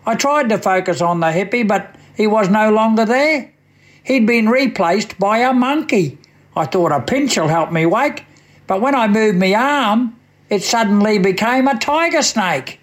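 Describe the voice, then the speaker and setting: High-voiced Australian man reciting bush verse. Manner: wry, yarn-spinning storyteller. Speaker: radio poet. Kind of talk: reciting a comic bush poem.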